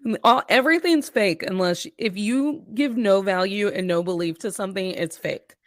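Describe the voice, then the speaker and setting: A woman chatting casually as a podcast guest, animated and laughing often, sometimes dropping into a hushed whisper. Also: mid-range voice, moderate pace, no echo, clean studio sound.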